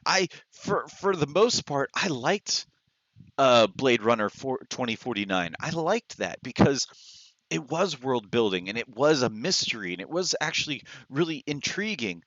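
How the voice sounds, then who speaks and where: A man's voice: mid-range voice, a bit bright, dry recording, muffled recording. Exasperated man ranting in a dry recording. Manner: exasperated, blunt, many restarts and fillers. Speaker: movie reviewer. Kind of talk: ranting movie review vlog.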